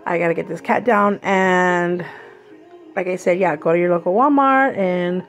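A woman's voice: fairly low pitch, normal speed, faint music behind. A woman vlogger chatting casually as she unboxes purchases, gushing and rambling, sick with a cough.

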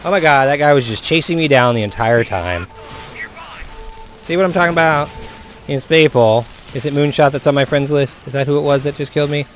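A young man commentating his own shooter gameplay as he plays, swinging between low muttering and excited whoops. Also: brisk, soft background music. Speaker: gaming video host.

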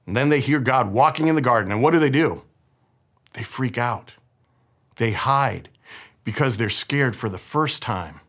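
A middle-aged man from the Bay Area preaches a sermon, telling a story with a casual, joking touch. His pitch moves a lot and stays animated throughout. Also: moderate pace, pauses often. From San Francisco Bay Area. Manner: storytelling, conversational and humorous. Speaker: pastor.

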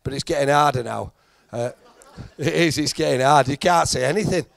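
A gravelly, slightly high male voice at normal speed, recorded dry. The speaker is a middle-aged Yorkshire-accented comedian from Halifax doing a talky, self-deprecating stand-up routine that pokes fun at the audience.

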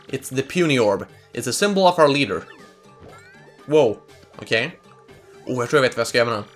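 A man's voice: on the high side, a bit bright. A Swedish man voicing a cranky, bossy old female tree elder from a game, reading her lines aloud in English. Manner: bossy, scolding, grumbling.

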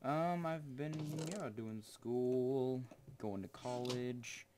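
A teenage boy hosting his own gaming channel, rambling through gameplay commentary with jokes and sudden excited yelps. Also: mid-range voice, very slow, noisy background. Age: teens.

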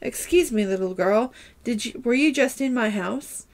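A woman voicing a troubled middle-aged man who is defensive and pleading, in a halting way, in a read-aloud storybook. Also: on the high side, lightly acted.

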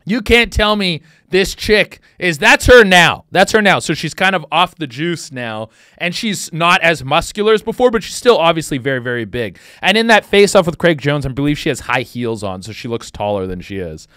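Animated comedian hosting his podcast. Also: a little high, normal speed, few pauses, smooth, no echo, clean studio sound. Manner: animated, swearing, excitable riffing. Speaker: podcast host. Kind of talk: casual comedic monologue.

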